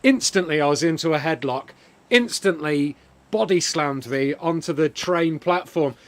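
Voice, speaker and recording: A young man with an English accent spins a ridiculous anecdote for his stream, dropping into low, quiet muttering one moment and shouting loudly the next. His voice sits a bit above the usual for a man. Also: moderate pace. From England. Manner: swings from low mumbling to loud shouted outbursts. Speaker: streamer host. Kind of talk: comic storytelling.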